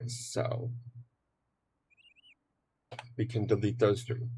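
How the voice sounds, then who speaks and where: A streamer chatting casually through a game, humming little tunes to herself and filling pauses with ums. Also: female voice, a bass voice, little pitch movement, mellow, a little hiss or hum. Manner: rambling, hums to self, many fillers. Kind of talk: casual gameplay commentary.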